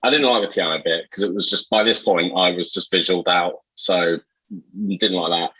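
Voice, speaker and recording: A man co-hosting a film podcast in casual chat, animated and incredulous, swearing freely. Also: low voice, brisk, breathy edge, highs cut off. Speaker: podcast co-host.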